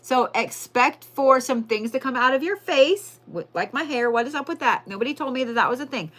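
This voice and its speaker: A bold, swearing woman with a drawl, hosting a live tarot reading. Her voice is bright and edgy, and her pitch swings widely as she repeats her points for effect. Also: animated, fairly quick. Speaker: tarot and zodiac reader, livestream host. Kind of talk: live-stream tarot reading, casual and profane.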